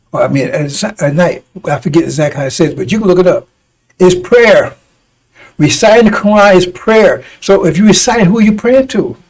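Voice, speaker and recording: Guy preaching hard, high voice, keeps going "see?", rambly and combative. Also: poor audio. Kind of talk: fiery preaching broadcast.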